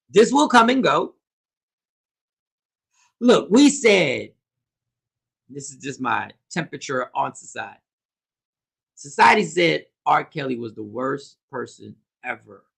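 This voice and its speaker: A man hosting a casual livestream, commenting on the news and reading viewers' comments aloud, animated and repetitive. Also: on the high side, gravelly, breathy edge. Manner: animated, talks back to chat, repeats himself. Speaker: host.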